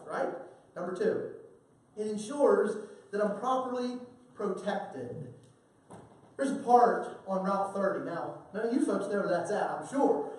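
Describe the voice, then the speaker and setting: A man preaching a sermon in a church, folksy and animated, with humorous asides and stories. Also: high voice. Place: church sanctuary. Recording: very echoey hall from far off.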